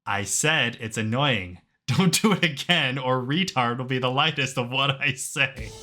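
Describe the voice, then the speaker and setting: A man's voice: medium pitch, a little slow, pushed and bright. A man voicing an abrasive, rude young male psychiatric patient who speaks bluntly and scornfully, for a visual novel. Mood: cold.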